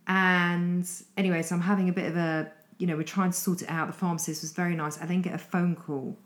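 In a reverberant space, a middle-aged coach with a British English accent rambles breathlessly through a long story, dropping self-deprecating asides. She speaks briskly, her voice low-ish and level, in a casual storytelling monologue.

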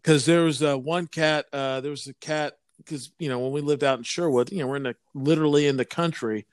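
Smooth-voiced man chatting, dry close sound. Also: a little high, a little fast, dry recording. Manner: rambling, hesitant, many fillers. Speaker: podcast co-host. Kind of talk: casual chat.

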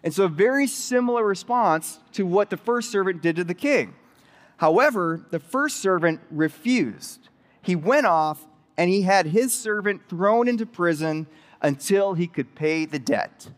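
A man giving a sermon as pastor, telling a story in a conversational, animated way with excited asides. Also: high-pitched, unhurried. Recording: reverberant hall.

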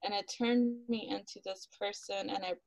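A woman's voice: mid-range voice, normal speed, vocal fry, dry recording, rough recording. A woman, a guest on an interview podcast, telling her story casually with frequent laughs and acted-out quotes. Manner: animated, laughs often, acts out quotes, many "like" fillers.

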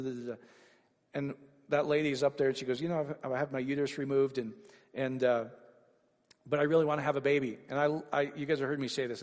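A man preaching a sermon to a congregation, animated and rising to excited exclamations. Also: mid-range voice, in a large hall.

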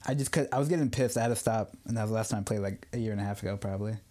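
A man's voice: lowish voice, very fast, a little mellow. A young man in his twenties hosting a casual podcast, talking loosely with lots of swearing and frequent laughter. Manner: loose, profane, laughs often. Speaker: podcast host.

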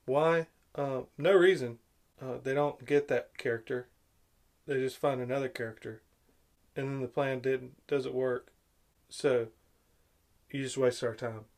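A man's voice: mid-range voice, fairly even intonation, takes it slowly, pauses often. A man ranting in film commentary, sarcastic and exasperated, repeating his complaints. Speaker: movie reviewer.

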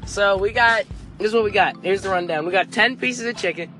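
A young man vlogging, telling a story in an animated, laughing way and acting out the people in it. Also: high voice, brisk, soft background music. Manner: animated, laughing, acts out the people in his stories. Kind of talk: casual storytelling.

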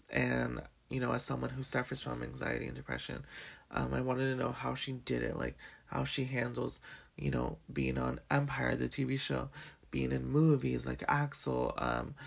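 A young adult man hosting his own show, his voice raspy from just waking up and heavily gravelly with fry. He talks at a middling pitch in a loose, chatty way, leaning on fillers as he tells his story. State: raspy morning voice. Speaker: podcast host. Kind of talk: casual storytelling chat.

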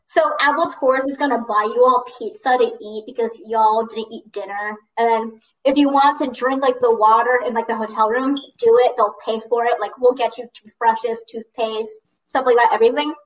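Chatty high-voiced teen girl, slightly off-mic. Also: normal speed, few pauses, recorded from a distance, dull audio. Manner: animated, lots of "like", laughs mid-story. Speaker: storyteller recounting a school trip. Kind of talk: casual storytelling chat.

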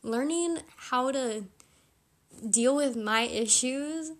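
A woman's voice: high-pitched, slow pace. A young woman hosting a podcast, talking casually and chattily to her listeners with frequent fillers. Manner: chatty, informal, with fillers and laughs. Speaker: podcast host. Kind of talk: casual advice monologue.

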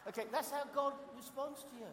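London guest pastor, high voice, emphatic preaching style, big reverberant church sound. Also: male voice, a little fast, fairly bright tone, a little hiss or hum. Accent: London English. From London, England. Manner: emphatic, repeats key phrases, asks the congregation questions. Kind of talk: preaching a sermon. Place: church sanctuary. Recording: echoey hall, long reverb.

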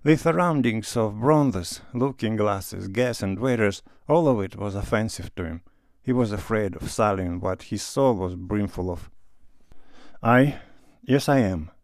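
A man narrating a classic novel in a measured, even reading. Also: lowish voice, dry recording, studio quality. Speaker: audiobook narrator.

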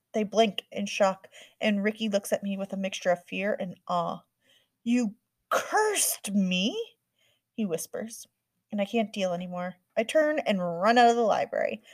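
A woman narrating a first-person audiobook in a quick, earnest storytelling manner. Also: medium pitch, a little mellow, no room sound.

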